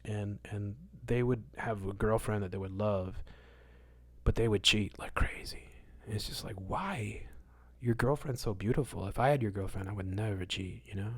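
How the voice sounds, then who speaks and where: A man hosting a livestream, answering chat in a casual rant, moralizing and repeating words for emphasis, at times loud, at times muttering. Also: fairly low pitch, dry recording. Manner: swings between loud outbursts and muttered asides.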